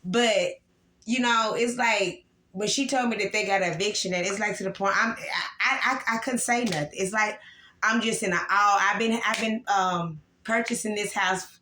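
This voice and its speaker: A woman's voice: medium pitch, moderate pace, sharp tone, a little hiss or hum. Upset woman venting in echoey room. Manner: emotional, repetitive, upset and angry. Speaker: vlogger. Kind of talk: casual vlog venting to viewers.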